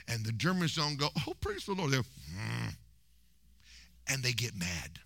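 Lively, bright-voiced male preacher. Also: fairly high pitch, no room sound. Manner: animated, humorous, mimics voices. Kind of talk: sermon storytelling. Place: church.

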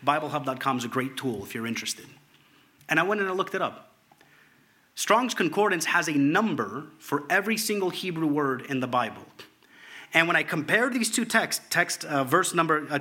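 Bright animated man preaching. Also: fairly high pitch. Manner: animated preaching, reading scripture aloud with sudden drops to a hushed tone. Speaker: pastor. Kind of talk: sermon.

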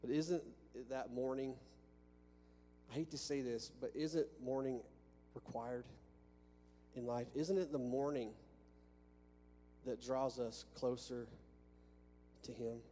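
A man's voice: medium pitch, steady tone, slow, long pauses, dark tone, soft background music. A man preaching a sermon to a congregation in a church, talking conversationally with restarts and rhetorical questions. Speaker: pastor. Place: church sanctuary with a balcony. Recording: long reverb from a church hall with faint hum.

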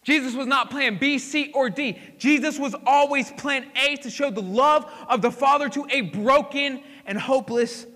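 High bright preacher in a big hall. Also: male voice, moderate pace, few pauses. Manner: dramatic storytelling, swinging from hushed to emphatic. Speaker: pastor. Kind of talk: sermon. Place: church sanctuary.

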